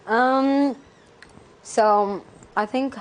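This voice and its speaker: A woman on a casual comedy podcast, giving deadpan, absurd answers and short agreeing murmurs. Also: fairly high pitch, drawn-out words, slight background noise. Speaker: podcast guest.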